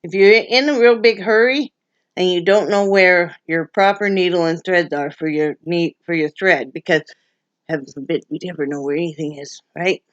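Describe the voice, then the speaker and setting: A woman's voice: fairly low pitch, normal speed, dry recording, muffled recording. A woman from Wyoming chatting at home for her vlog, rambling and restarting her sentences. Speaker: vlogger. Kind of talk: casual home chat. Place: at home, indoors.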